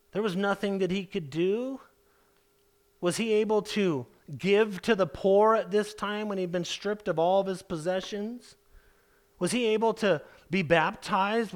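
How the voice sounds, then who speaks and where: A man delivers a sermon in a notably high-pitched voice. He preaches with emphasis, stacking rhetorical questions and repeating phrases for weight. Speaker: pastor.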